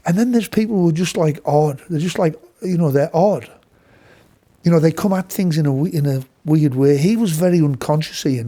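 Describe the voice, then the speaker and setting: A man's voice: fairly high pitch, dark tone. A man, a session guitarist from England, telling a studio story casually with many restarts and some swearing.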